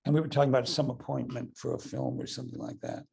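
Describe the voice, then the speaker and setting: An older man with a deeply raspy, gravel-filled voice, mellow and dark in tone. He tells a story from his acting career in an interview, stumbling through fillers and restarts as he goes. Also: wildly swooping pitch. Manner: halting, with many fillers and restarts. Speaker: actor and director.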